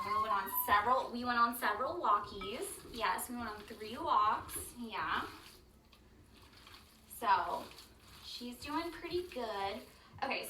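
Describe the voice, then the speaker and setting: A woman's voice: a little high, sharp tone. A woman casually chatting while she cooks in her home kitchen, rambling with lots of ums. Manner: chatty, rambling, with many ums, baby talk to her dog. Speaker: home cook vlogger. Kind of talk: casual cooking vlog chat. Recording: roomy kitchen, mic some distance off, faint background noise.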